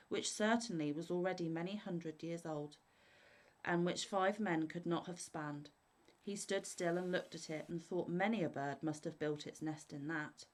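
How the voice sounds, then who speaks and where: A woman reading fairy tales aloud in a steady, measured way. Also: fairly low pitch, rough recording. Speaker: storyteller.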